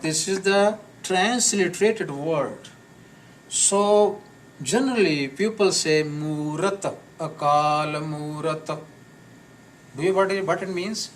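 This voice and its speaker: A man teaching a live class on pronunciation, slowly repeating words and sounds for his students. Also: high-pitched. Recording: distant mic with faint noise.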